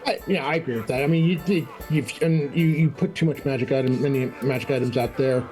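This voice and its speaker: A man co-hosting a live tabletop gaming talk show, speaking haltingly with many restarts. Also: medium pitch, a little mellow, soft background music. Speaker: co-host. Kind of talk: casual livestream chat.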